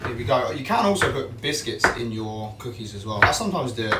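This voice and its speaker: A man's voice: medium pitch, sing-song, a little fast. A young man chatting casually on a livestream while he bakes, rambling and slangy, poking fun at himself. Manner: rambling, slangy, self-mocking. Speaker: streamer baking on camera. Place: home kitchen. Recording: roomy, distant, clattering kitchen noise.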